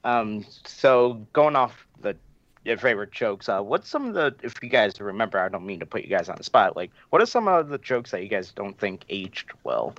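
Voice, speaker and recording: Low-voiced man hosting a casual chat. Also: sing-song, normal speed, fairly bright tone, no room sound, lo-fi sound. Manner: hesitant, lots of ums and likes. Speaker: podcast host leading the discussion.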